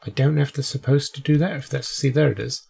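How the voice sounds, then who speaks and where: A man's voice: mid-range voice, steady tone, fast, creaky, darkish tone, husky. A man with a cold, chatting casually and rambling through his gameplay commentary as host. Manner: rambling, chatty, self-deprecating. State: sick with a cold. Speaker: let's play host.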